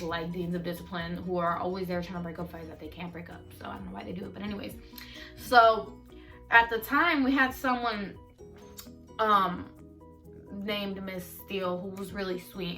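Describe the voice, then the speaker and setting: A woman's voice: mid-range voice, recorded from a distance. A teenage girl casually telling a profane storytime, acting out what people said. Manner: animated, profane, acts out quotes loudly. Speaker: storyteller vlogger.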